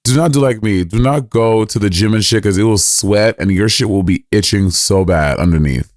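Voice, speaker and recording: Casting note: campy, teasing man, low voice, dry close sound. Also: moderate pace, no room sound. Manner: campy, teasing, sassy slang. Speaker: podcast co-host. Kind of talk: casual chat.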